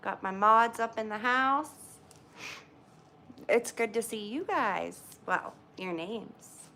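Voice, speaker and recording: A woman's voice: on the high side, animated, slow pace, sharp tone, a little hiss or hum. A woman, chatting casually with livestream viewers, greeting them by name and laughing often. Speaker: livestream host.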